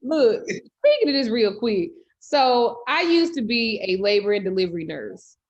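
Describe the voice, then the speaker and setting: A woman telling a comedic story in animated, loud, profane style. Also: fairly high pitch, a little slow, dull audio. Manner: animated, loud, cursing freely. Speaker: host.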